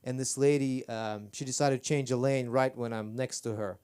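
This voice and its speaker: A man's voice: medium pitch, steady tone, normal speed, darkish tone, clear, resonant tone. A man performing rambling, self-deprecating stand-up on a comedy club stage. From Armenia.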